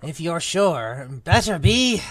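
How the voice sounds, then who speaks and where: A woman voicing a sly old talking magic hat, murmuring slowly in a hushed, drawn-out way while reading a book aloud. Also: lowish voice, very animated, no echo, heavily acted. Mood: coaxing.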